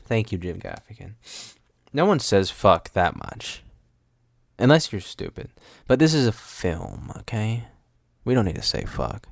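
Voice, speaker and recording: A young man with a fairly low voice rambles through a solo podcast, sarcastic and prone to cutting off his own sentences. He speaks close to a studio mic with a windscreen, and the sound is dry with no room echo. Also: wildly swooping pitch, unhurried, gravelly. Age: young adult. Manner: rambling, sarcastic, self-interrupting. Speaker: podcast host.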